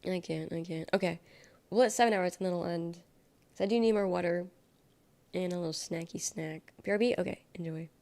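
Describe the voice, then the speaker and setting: Gravelly-voiced woman streamer chatting casually. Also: fairly low pitch, brisk, a little mellow. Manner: chatty, reads chat aloud and reacts, blunt and swears freely. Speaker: livestreamer. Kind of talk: casual live-stream chat.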